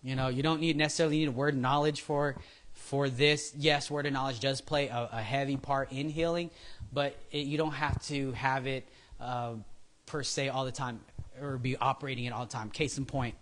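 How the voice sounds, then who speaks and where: A man's voice: medium pitch, fairly even intonation, moderate pace, fairly bright tone, slight background noise. A man preaching a casual sermon, chatty and prone to tangents, acting out what people say. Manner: chatty, goes off on tangents, acts out quotes in voices.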